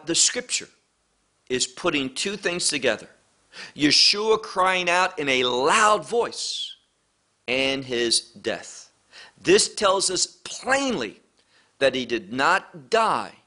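Male Bible teacher, fairly high voice, emphatic, poses and answers rhetorical questions. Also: pushed and bright.

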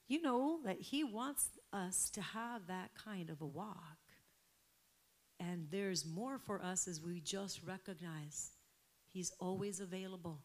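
A woman in her fifties preaching a sermon, animated and laughing, moving between soft whispered prayer and loud exclamations. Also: mid-range voice, measured pace. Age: 50s.

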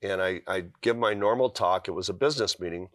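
A man's voice: deep voice, brisk, a bit bright, no room sound, studio quality. A middle-aged man, a guest author, telling a personal story in an earnest way on a talk show, with fillers and restarts.

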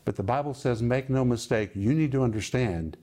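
A man teaching from the Bible in an emphatic, deliberate way. His voice sits at an ordinary middle pitch. He stresses key words as he explains the meaning of Greek terms. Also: dark tone.

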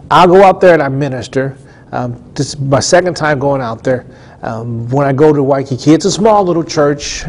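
A man's voice: fairly high pitch, darkish tone. A man preaching in a studio, telling a testimony earnestly and with emphatic repetition. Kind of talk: storytelling sermon testimony.

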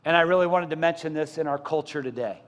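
A fairly high-voiced middle-aged male pastor delivering a sermon in a big church sanctuary, his words trailing off into a long reverb. He rises to loud, emphatic repetition and keeps asking the congregation rhetorical questions. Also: fast talker.

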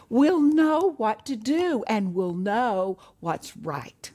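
A woman co-hosting a Bible talk, quoting scripture slowly. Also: on the high side, big pitch swings, dark tone. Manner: slow, deliberate when quoting scripture.

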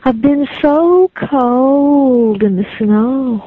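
A woman voicing a cold, ghostly small child who pleads in a slow, drawn-out way. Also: high voice, husky, dry recording, pitched above the performer's own voice, full character voice. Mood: mournful. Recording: dry, phone-like lo-fi recording.

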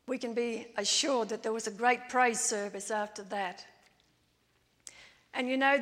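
Woman preacher, measured storytelling sermon, fairly high voice, long church reverb. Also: a bit bright.

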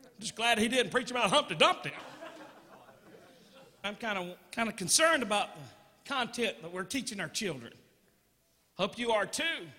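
A man from Georgia with a Southern American accent, doing animated stand-up storytelling and teasing the crowd. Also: sits high, moderate pace, long pauses, long reverb tail. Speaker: comedian. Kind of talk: stand-up comedy.

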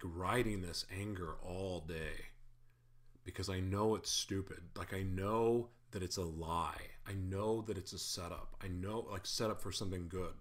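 A man's voice: low-pitched, a bit bright. A man in a casual spoken faith reflection, candid and self-deprecating, who chuckles often and stumbles over his words.

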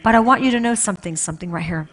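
A woman pastor preaching a sermon with passion, repeating phrases and swinging between loud emphasis and hushed asides. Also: medium pitch, rapid-fire.

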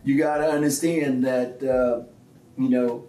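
A man, a comedian, telling stories in a relaxed interview and acting out the people he quotes. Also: mid-range voice, measured pace. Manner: animated storyteller who acts out quoted people. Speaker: comedian guest. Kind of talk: conversational interview storytelling. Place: small theatre. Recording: roomy sound from a distance.

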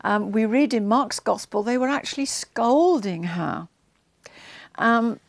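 Gravelly-voiced woman teaching the Bible. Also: a little high, lively intonation, takes it slowly, no echo. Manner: conversational, with chatty asides and frequent ums. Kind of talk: Bible teaching talk to camera.

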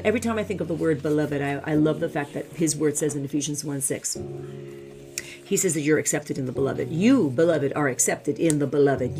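Fervent low-voiced woman Bible teacher. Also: darkish tone. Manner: fervent, repeats phrases for emphasis.

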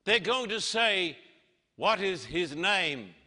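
A man preaching in a big reverberant hall, with a bright, ringing voice. He speaks very slowly and dramatically, leaning hard on quoted lines. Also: high-pitched, big pitch swings. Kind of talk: sermon.

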